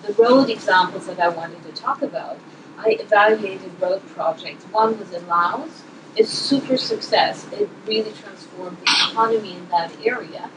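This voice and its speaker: A woman speaking on a panel in a thoughtful, measured way, pausing with fillers and restarting her sentences. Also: mid-range voice. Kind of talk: panel discussion remarks. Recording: distant mic with clear noise.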